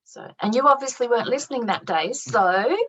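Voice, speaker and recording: A woman's voice: fairly high pitch, a little fast, breathy edge. Earnest woman on a dull call line. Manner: earnest, affirming, spiritual in tone. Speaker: guest, art therapist and creativity coach. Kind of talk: reflective conversational interview.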